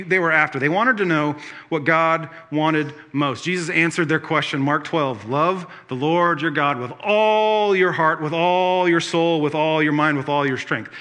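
A middle-aged man delivers a sermon with a bright, fairly high voice. He retells scripture in a lively, animated way and drops in playful jokes along the way. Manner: animated storytelling with playful asides. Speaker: pastor.

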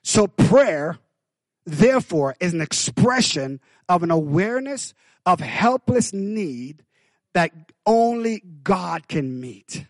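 High-voiced preaching man, dry sound. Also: very animated, slow pace, no echo. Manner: preaching with call-outs and quoted voices; swings from hushed to loud. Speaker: pastor. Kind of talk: sermon.

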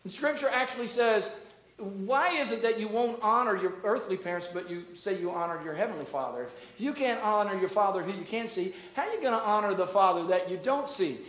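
A middle-aged man preaching a sermon as a pastor, asking the congregation questions, building to loud emphatic peaks and dropping low and soft. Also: animated, brisk, echoey room, low-quality recording. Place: church.

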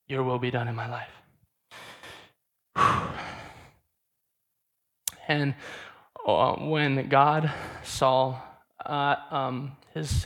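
A man's voice: a little high, a bit bright. A man preaching a sermon in a casual, emphatic way, often restarting his sentences.

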